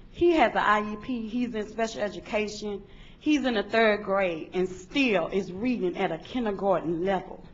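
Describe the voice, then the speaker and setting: Bright-voiced woman testifying earnestly. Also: medium pitch, slight background noise. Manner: earnest, plainspoken, repetitive. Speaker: parent giving public comment. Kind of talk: public testimony at a board meeting. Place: board meeting room. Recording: dull lo-fi meeting recording.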